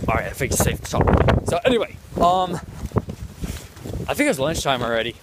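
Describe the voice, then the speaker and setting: Rambling vlogger in loud wind. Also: male voice, medium pitch, sing-song, fairly quick, long pauses. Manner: rambling, constantly repeats "of course". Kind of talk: casual rambling story vlog. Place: outdoors in the cold, walking. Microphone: handheld phone. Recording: loud wind noise on phone mic.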